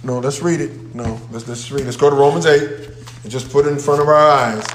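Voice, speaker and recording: A man's voice: medium pitch, fairly even intonation, brisk. Emphatic male preacher in an echoey church. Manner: emphatic, calls out to the congregation. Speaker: pastor. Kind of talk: sermon. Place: church sanctuary with a congregation. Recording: echoey room.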